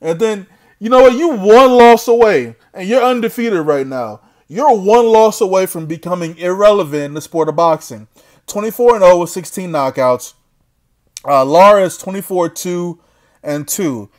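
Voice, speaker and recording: A man's voice: sits high, expressive, normal speed. A man giving a casual, blunt, trash-talking rant as a boxing commentator and laughing often.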